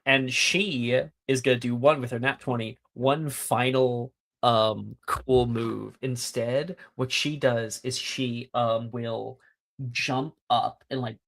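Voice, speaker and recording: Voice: medium pitch, steady tone, takes it slowly, creaky, fairly bright tone. A game master narrating a tabletop game, rambling with many fillers and casual swearing.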